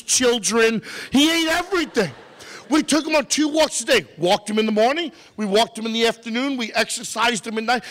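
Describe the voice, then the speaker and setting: A man with a high voice tells an animated, joking story to a live audience. He keeps breaking off to tease people in the crowd. His voice rings out with long reverb in a large hall. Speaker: motivational speaker.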